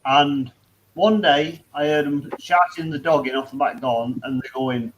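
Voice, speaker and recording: A British man with a high-pitched voice spins a comic anecdote in loose, animated chat among friends. He jokes freely and plays with his lines. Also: moderate pace, a little hiss or hum, low-quality recording. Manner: animated joking storyteller. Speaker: hangout participant. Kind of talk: casual chat.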